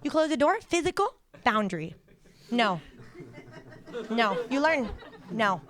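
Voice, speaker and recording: A woman voicing a patient but insistent female therapist who explains things slowly and deliberately. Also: on the high side, big pitch swings. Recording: loud audience laughter and noise.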